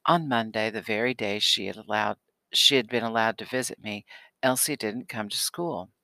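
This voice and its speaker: A man reading a first-person story aloud in a steady, measured way, dropping to a hush at tense moments. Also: fairly low pitch, no echo. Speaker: audiobook narrator.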